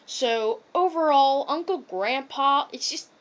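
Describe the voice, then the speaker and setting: A woman's voice: high-pitched, slow, dull audio. A woman giving a rambling, casual rant review of a cartoon, full of "um" and "like" fillers.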